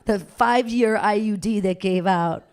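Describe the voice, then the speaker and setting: A woman's voice: medium pitch, unhurried, smooth. A middle-aged woman telling a personal story on stage before a live audience, chatty and self-mocking, laughing as she goes.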